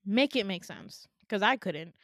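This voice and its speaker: A woman's voice: mid-range voice, unhurried, dry recording, clean studio sound. A woman in her twenties, a podcast host, animatedly recounting a dream in a casual, exasperated way. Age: 20s. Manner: animated, exasperated, laughs often.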